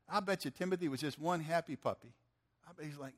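A man's voice: fairly high pitch, quick pace. A man in his fifties preaching a sermon in a conversational way, asking the audience questions and acting out quotes in slangy lines. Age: 50s. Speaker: pastor.

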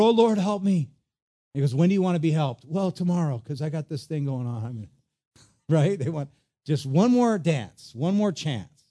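A man preaching a sermon, animated and conversational, often acting out quoted voices. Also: mid-range voice. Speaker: pastor.

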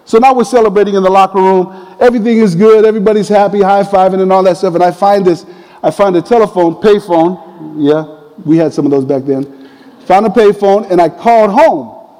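A man preaching a sermon, telling a personal story in a conversational, animated way. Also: high-pitched, brisk, long reverb tail, low-quality recording. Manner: conversational, animated retelling with quoted voices.

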